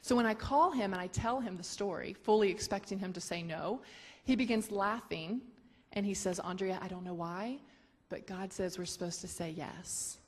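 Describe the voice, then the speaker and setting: A woman's voice: mid-range voice, normal speed, a little mellow. A woman earnestly telling a personal testimony to a gathering, with an emotional storytelling manner. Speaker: guest sharing her testimony. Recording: long hall reverb.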